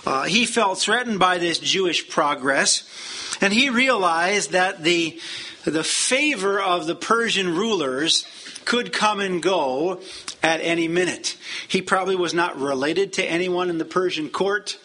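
A man's voice: high-pitched, unhurried, sharp tone. A man teaching a Bible lesson verse by verse in a conversational, explanatory way with frequent fillers.

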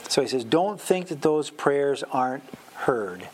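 A man's voice: mid-range voice, expressive, a little slow, slight background noise. A man giving a conversational Bible teaching, chatty and self-deprecating, with plenty of fillers.

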